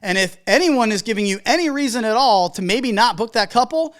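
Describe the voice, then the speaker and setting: Animated wedding DJ hosting a podcast. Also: mid-range voice, fairly quick. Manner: animated storyteller, acts out quoted people. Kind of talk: casual podcast monologue giving business advice.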